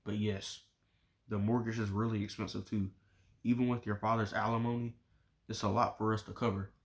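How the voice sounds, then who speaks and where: A man's voice: on the low side, flat delivery, a little fast, natural voice. A man voicing a caring, protective mother while reading a novel aloud. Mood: frank.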